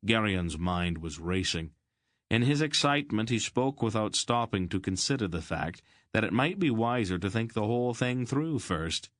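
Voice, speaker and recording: A man with a low voice narrates a fantasy audiobook. He carries the action at a steady, measured pace. The recording is dry and close, with no room echo.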